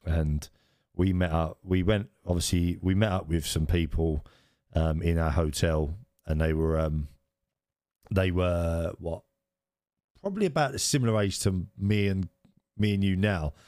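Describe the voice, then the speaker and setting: A man's voice: low voice, measured pace, darkish tone, no echo, studio quality. A man in his forties, co-hosting a podcast and rambling through a funny story while laughing at himself. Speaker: podcast co-host. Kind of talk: casual storytelling chat.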